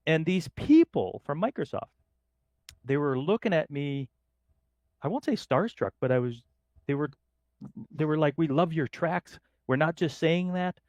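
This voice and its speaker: On a podcast, this middle-aged northern Canadian guest spins casual anecdotes in a lively way, acting out the voices of the people he quotes. His voice leans high, his pace is unhurried with frequent pauses, and there's no echo.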